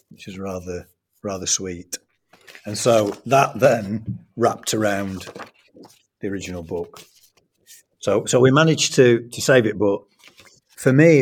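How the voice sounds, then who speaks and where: An English man, a school trust leader, telling a personal story in an interview in an animated, conversational way. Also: lowish voice.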